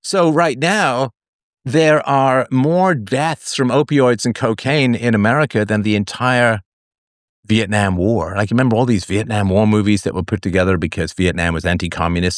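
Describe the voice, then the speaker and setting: A man's voice: lowish voice, moderate pace, no room sound, clean studio sound. A man from England hosting a call-in show, talking casually with many fillers and restarts.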